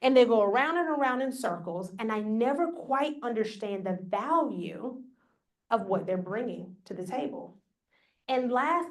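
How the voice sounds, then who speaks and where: A woman's voice: fairly high pitch, animated, measured pace. A woman leading a live business workshop, coaching the room in an upbeat, direct way. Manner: upbeat, coaching, speaks straight to the audience. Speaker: workshop presenter. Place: conference room with a live audience. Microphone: on a mic, recorded for a hybrid audience.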